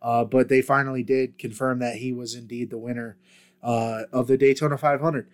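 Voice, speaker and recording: A man's voice: mid-range voice, fairly even intonation, normal speed. A man co-hosting a sports podcast in casual chat, easygoing and swearing casually. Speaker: podcast co-host.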